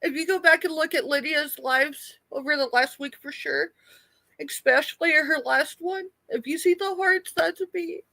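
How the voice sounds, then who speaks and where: A woman's voice: sits high, normal speed, bright, forceful tone, no echo. A middle-aged woman, ranting angrily and tearfully on a late-night live stream. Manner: angry, tearful, confrontational.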